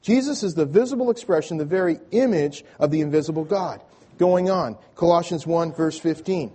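Pastor preaching with a dark tone. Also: male voice, fairly high pitch, a little fast, breathy edge. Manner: repeats words when restarting, asks the congregation to respond. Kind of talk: sermon.

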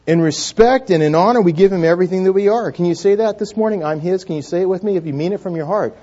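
A male pastor preaching a sermon, asking the congregation questions and leading call-and-response, swinging between hushed and loud moments. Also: sits high, fairly quick, few pauses. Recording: dull lo-fi church recording.

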